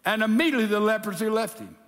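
A pastor preaching a sermon in a lively, animated way, acting out the people in his story. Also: high-pitched, fast. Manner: animated preaching, acts out quotes. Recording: reverberant hall.

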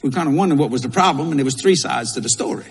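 Rapid-fire and husky with vocal fry, this medium-pitched male voice belongs to a pastor preaching in a folksy, repetitive manner. Southern phrasing colors the sermon, and the recording carries long hall reverb.

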